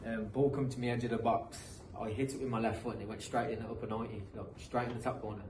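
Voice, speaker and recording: A man's voice: medium pitch, flat delivery, fast, distant mic. A man in his thirties with a British accent that has picked up some American sounds. He talks on a podcast about his playing career, rambling and repeating himself, with many ums and uhs. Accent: British English, mixed with some American. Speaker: guest, professional footballer. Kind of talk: casual podcast storytelling. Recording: echoey room, mic set back, faint noise.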